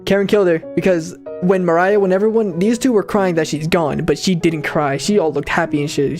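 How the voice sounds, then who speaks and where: A man casually commenting on a game he plays for the first time, reading its lines aloud and bursting into slangy, excitable reactions. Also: on the high side, normal speed, faint music behind. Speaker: gaming channel host.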